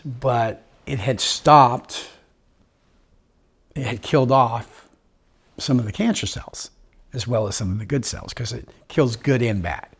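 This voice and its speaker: A man's voice: mid-range voice, slightly rough. A man telling his own story in an interview, upbeat and joking, acting out what others said to him. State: living with terminal illness. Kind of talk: personal storytelling.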